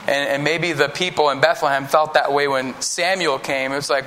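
A man's voice: on the high side, steady tone, moderate pace, hardly any pauses, pushed and bright, a little hiss or hum. A man giving a children's sermon in a conversational way, acting out Bible characters in voices. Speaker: preacher teaching children.

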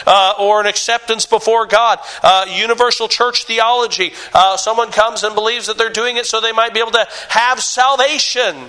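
A man's voice: high-pitched, bright, forceful tone, rough recording. A man preaching a sermon as a pastor, emphatic and direct, often breaking off with restarts and urging listeners to listen. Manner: emphatic, repeats "listen" and "understand with me", many restarts.

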